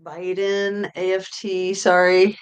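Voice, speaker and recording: A woman's voice: mid-range voice, monotone, clear, resonant tone. A middle-aged woman hosting a true crime livestream, chatting casually with viewers in a rambling way full of fillers. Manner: rambling, with many fillers and pauses. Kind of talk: casual livestream chat reading viewer comments.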